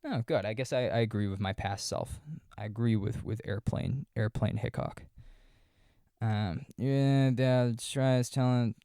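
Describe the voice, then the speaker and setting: A man's voice: lowish voice, fairly even intonation, unhurried, warm tone, clean tone, no echo, studio quality. A man hosting a podcast, casually reviewing a horror movie in a wry, sarcastic, rambling way. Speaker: podcast host.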